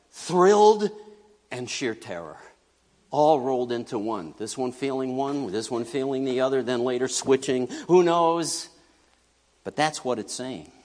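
A middle-aged man preaching a conversational sermon, animated and joking, swinging between loud bursts and hushed asides. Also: medium pitch. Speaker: pastor. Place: church sanctuary. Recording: long reverb of a large church hall.

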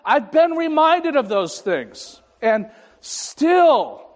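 A male pastor delivers a sermon in a church sanctuary, his fairly high voice unhurried and full of deliberate pauses. His words ring with a long reverb from the hall around him. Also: very animated. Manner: dramatic pauses, voices scripture and God with rising emphasis.

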